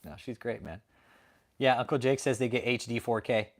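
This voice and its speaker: A man's voice: mid-range voice, steady tone, moderate pace. A male livestream host in casual chat, laid-back and profane.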